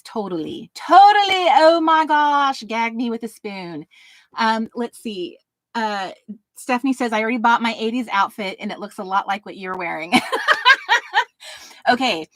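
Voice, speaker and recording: A bubbly woman hosts a casual live stream, calling out viewers by name and laughing often. Her voice sits high and swoops up and down with lively energy. The sound is close and dry, with no room echo.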